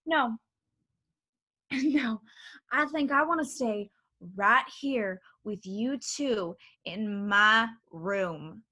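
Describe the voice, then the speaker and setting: An actress playing a boisterous, drunk Southern woman from Georgia, loud and teasing, in a staged reading over a video call. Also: on the high side, very slow, heavily acted. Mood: tipsy, combative.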